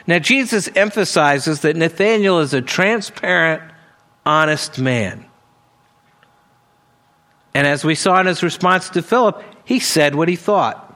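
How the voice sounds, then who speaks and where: A man's voice: on the high side, expressive, a little slow, bright, forceful tone. A man preaching a sermon, earnestly teaching through a Bible passage verse by verse, with conversational asides.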